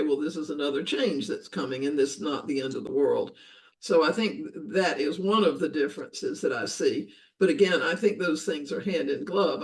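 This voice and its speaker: A woman's voice: low-pitched, a little mellow, recorded from a distance, low-quality recording. An older woman speaking as a guest in an interview, earnest and thoughtful, often restating her ideas in long lists. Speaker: guest, education author. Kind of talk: reflective interview conversation.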